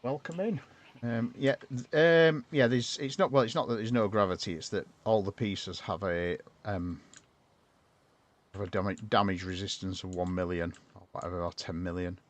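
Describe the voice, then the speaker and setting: A man talks through his game build in a loose, rambling way. His voice sits a little low, and he keeps breaking off to answer viewers. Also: fairly even intonation, normal speed. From northern England. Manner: chatty, rambling, talks to chat while building. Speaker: streamer. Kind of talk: casual gameplay commentary.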